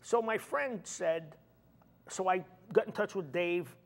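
A man's voice: sits high, slow, vocal fry. A man, a comedian guest, telling a story in a casual chat and acting out the quoted dialogue. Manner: animated, acts out quoted dialogue. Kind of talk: anecdotal storytelling. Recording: long reverb.

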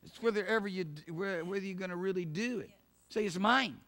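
A middle-aged male pastor giving a sermon in an emphatic, conversational way, with laughs and quick asides. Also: high-pitched, a bit bright.

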